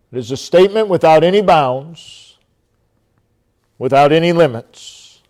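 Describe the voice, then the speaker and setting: A man preaching a sermon as pastor, emphatic, with long dramatic pauses, dropping to a low quiet voice when quoting God. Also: lively intonation.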